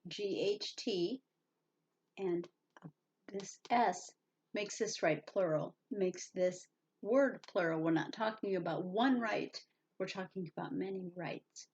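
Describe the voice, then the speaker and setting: A woman teacher gives young children a reading lesson at a slow, patient pace, spelling each word letter by letter. Her voice sits at an ordinary middle pitch. The recording is slightly dull and lo-fi. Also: a little hiss or hum.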